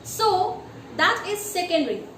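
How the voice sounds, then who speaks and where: Woman, high-pitched, pronunciation teacher, emphatic instructional delivery, roomy echo. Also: big pitch swings, fairly bright tone. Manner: deliberate, emphatic, rhetorical "Yes?" checks. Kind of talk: instructional lesson. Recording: echoey room with faint ambient noise.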